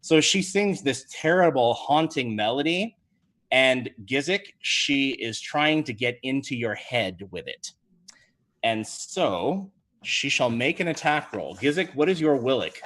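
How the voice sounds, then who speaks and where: A male game master narrates a livestreamed tabletop game with a very lively voice that swoops up and down. He talks in a chatty, casual way, scattering fillers as he describes the action. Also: mid-range voice, unhurried.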